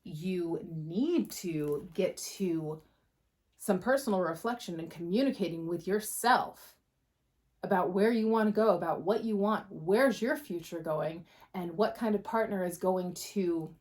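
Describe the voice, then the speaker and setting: A woman's voice: on the low side, darkish tone. Woman tarot reader, casual and direct, passionate, curses often. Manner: blunt, passionate, swears freely, quick bursts. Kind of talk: casual tarot reading to camera.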